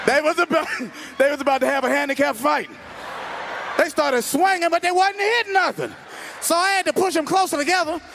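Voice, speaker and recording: A male stand-up comedian who tells stories loudly and with lots of animation, laughing through his own punchlines. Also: extremely high pitch, creaky, noisy background.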